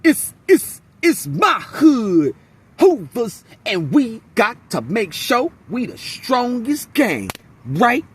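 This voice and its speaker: A man putting on the voice of a cheesy, self-serious young male gang leader in a high, drawn-out mocking tone. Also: wildly swooping pitch, breathy edge, heavily acted. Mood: mock-earnest. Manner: exaggerated, self-serious speechifying.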